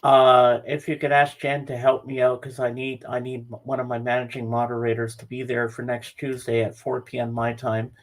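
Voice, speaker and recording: A man's voice: mid-range voice, monotone, normal speed, few pauses. A man co-hosting a podcast, chatting casually in an easygoing, plain-spoken way. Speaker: podcast co-host. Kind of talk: casual chat.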